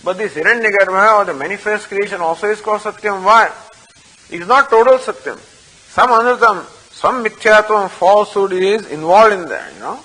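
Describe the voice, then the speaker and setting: An older man teaches a scriptural text, his voice husky yet bright and a little high. He explains slowly, padding his points with "you know," and recites the Sanskrit between explanations. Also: poor audio. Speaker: Vedanta teacher. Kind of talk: scriptural study class.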